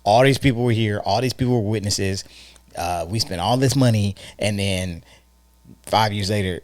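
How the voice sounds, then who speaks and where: A married man co-hosting a podcast talks through relationship advice in an animated, earnest way, often restarting his sentences. His voice sits on the low side, and the sound is dry and close. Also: normal speed, dry recording. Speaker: podcast co-host. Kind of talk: casual chat.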